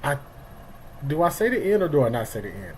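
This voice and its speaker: A man's voice: a little high, very animated, brisk, darkish tone, a little hiss or hum, rough recording. A middle-aged man, hosting a casual live sports stream and greeting viewers by name. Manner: greets chat viewers by name, loose and talkative. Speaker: livestream sports show host.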